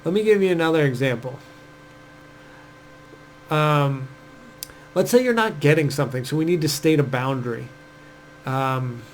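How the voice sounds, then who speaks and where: A man's voice: fairly high pitch, slight background noise, rough recording. A man giving casual dating advice, chatty and full of fillers, acting out quoted speech as he goes. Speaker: dating coach.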